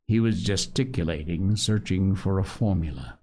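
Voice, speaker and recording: A man reading a novel aloud in a measured, dramatic way. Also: fairly low pitch, expressive, darkish tone. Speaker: reader.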